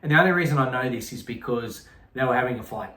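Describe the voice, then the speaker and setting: Casting: middle-aged dad, mid-pitched, reflective and rambling, roomy echoey sound. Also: male voice, animated, fast talker, pushed and bright, slight background noise. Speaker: podcast co-host. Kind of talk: casual conversational chat. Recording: echoey room.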